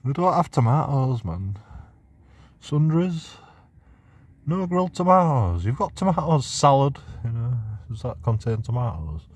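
A man's voice: medium pitch, very animated, measured pace, slightly rough. A man, walking outdoors and giving mocking commentary to his phone camera while laughing at his own jokes. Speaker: vlogger. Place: outdoors on city streets.

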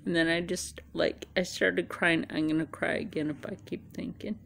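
A woman's voice: lowish voice, little pitch movement, moderate pace, vocal fry, fairly bright tone. A tired middle-aged woman chatting casually to camera, rambling and musing aloud. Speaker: vlogger. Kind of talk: casual chat.

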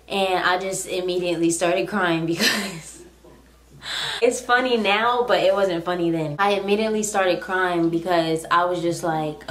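Chatty young woman in an echoey room. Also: lowish voice. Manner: chatty, rambling, animated retelling. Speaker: vlogger. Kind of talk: casual storytime.

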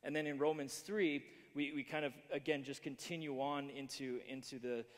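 Male preacher, mid pitch, halting delivery full of restarts, long church-hall reverb. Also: steady tone. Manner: halting, many restarts and fillers. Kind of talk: sermon.

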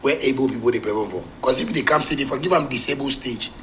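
A man's voice: medium pitch, fast talker, sharp tone, slight background noise, low-quality recording. A man from Ghana speaking Ghanaian Pidgin English, ranting in a heated, mocking way on a live stream as a musician.

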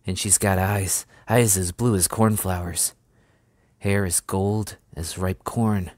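A man voicing a gentle young farm lad turned soldier, who speaks softly and fondly as if to his horse. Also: low voice, steady tone, takes it slowly, no room sound.

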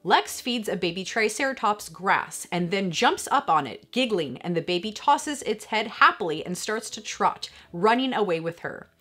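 A woman's voice: medium pitch, lively intonation, normal speed, few pauses, bright, forceful tone. A young adult woman hosting a casual video, reading aloud from a novel and explaining with enthusiasm and playful asides. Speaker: YouTube host.

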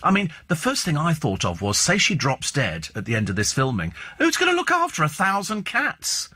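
A man on talk radio chats in a rambling, sardonic, opinionated way about gossip and the news, using a studio microphone in a radio studio. His voice is a little high, husky, pushed and bright, swooping wildly in pitch at a moderate pace.

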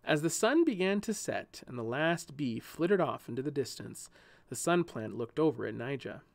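A man narrating a children's style audio short story in an expressive, gently paced reading. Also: medium pitch, moderate pace, creaky, no echo.

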